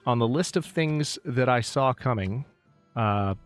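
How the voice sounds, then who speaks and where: A man's voice: medium pitch, animated, a little slow, clear, resonant tone, soft background music. A man casually commentating his own strategy game, thinking aloud and talking to the units on screen. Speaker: let's play host.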